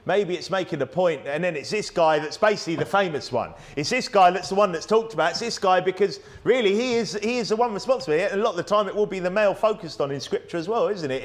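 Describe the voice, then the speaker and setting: A man's voice: fairly high pitch, animated, fast talker, few pauses. A man with a British accent preaching a sermon in a church, talking conversationally with frequent restarts and tag questions. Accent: British English. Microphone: plugged-in microphone.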